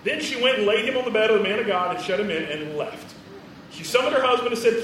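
A man gives a casual, joking sermon, chuckling between phrases in a fairly high voice. He sounds distant from the mic. The very echoey hall carries his voice, with faint room noise behind him. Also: fast talker, fairly bright tone. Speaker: preacher.

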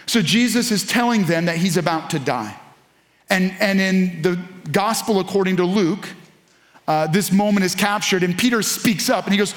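A man's voice: high voice, normal speed, fairly bright tone. A male pastor giving a sermon in a conversational, storytelling way.

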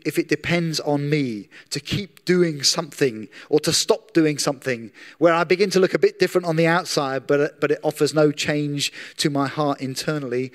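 Male pastor, conversational sermon delivery, emphatic pauses; somewhat high-pitched, reverberant hall. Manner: earnest, conversational preaching with emphatic slowed words.

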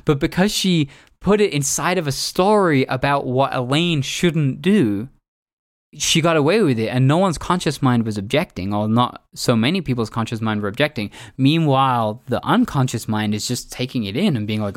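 A man's voice: mid-range voice, animated, moderate pace, no room sound, studio quality. A man hosting a podcast who tells stories in a reflective, rambling monologue full of restarts. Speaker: podcast host. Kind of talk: casual storytelling monologue.

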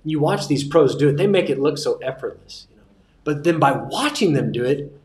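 A man teaching a class on sermon delivery, relaxed and joking, repeating his key points. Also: fairly high pitch, a little fast, echoey room. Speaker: preaching instructor.

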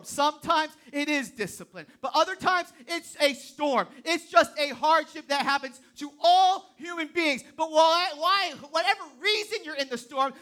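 A woman preaching to a live group in a high, bright voice. She drives points home loudly, then drops to a hushed hush, with casual, slangy asides between. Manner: swings between loud emphatic preaching and hushed quiet. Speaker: youth preacher. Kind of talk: sermon.

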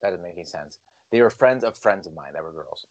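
A man in a casual chat, joking around and cutting in with quick questions. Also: low-pitched, animated, darkish tone, no room sound, lo-fi sound.

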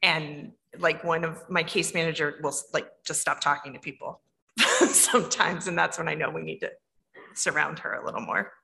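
Bright-voiced woman doctor in an echoing hall. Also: deep voice, normal speed, vocal fry. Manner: candid, casual with "like". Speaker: family doctor, panelist. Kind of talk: panel discussion.

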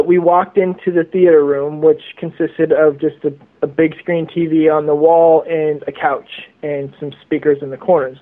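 A man telling a story as a guest over the phone, rambling and repeating words. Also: on the high side. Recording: tinny phone line.

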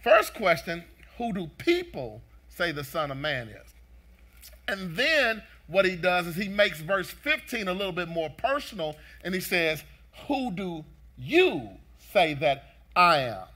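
Male pastor, sermon, fervent repeated emphasis, high voice, very bright sharp tone. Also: big pitch swings, measured pace. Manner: impassioned preaching with repeated emphatic phrases; speaks directly to the congregation.

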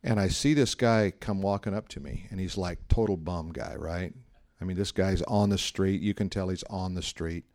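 A middle-aged man gives a sermon in a relaxed, chatty way. His voice sits somewhat low, and he slips into the voices of the people in his stories as he tells them. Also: moderate pace, hardly any pauses. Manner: conversational storytelling, acts out quoted voices. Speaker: pastor.

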